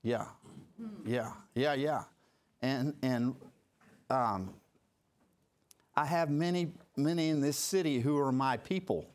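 A man's voice: mid-range voice, slow, long pauses. Chatty man leading a Bible study. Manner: conversational, with many fillers and restarts. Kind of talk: leading a group discussion.

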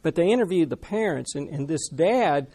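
A man preaching a sermon in a conversational, animated way, talking with the congregation. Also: a little high, moderate pace, slightly rough. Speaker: pastor.

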